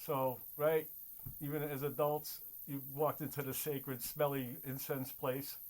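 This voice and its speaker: A man's voice: mid-range voice, flat delivery, measured pace, a little mellow, poor audio. A man in casual podcast talk, rambling and peppering his speech with filler and swearing. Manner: rambling, peppers talk with "you know" and "all that shit". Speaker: podcast co-host. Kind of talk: casual chat.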